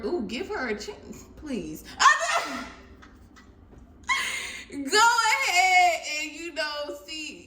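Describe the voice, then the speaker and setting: Animated woman reading tarot, echoey room. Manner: animated, laughing, swinging between loud and low. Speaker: tarot reader. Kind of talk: casual tarot reading to viewers.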